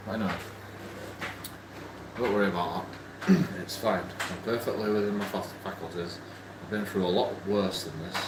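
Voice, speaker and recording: A man's voice: lowish voice, echoey room, noisy background. A man, drunk and angry, ranting rambling and swearing to camera in a vlog from a shared house. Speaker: YouTube channel host.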